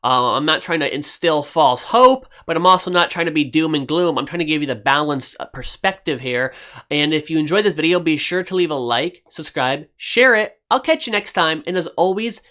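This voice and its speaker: A man's voice: a little high, lively intonation, normal speed, bright, forceful tone. A man hosting his own finance video, giving his opinions in a casual, conversational way, with lots of "you know" and "okay".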